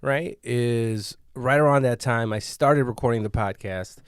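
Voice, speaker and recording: A man hosts a podcast at a comedy club, chatting casually and rambling, often trailing off and starting over. His voice is medium-pitched and measured with a clean tone, recorded in a clean studio with no room sound.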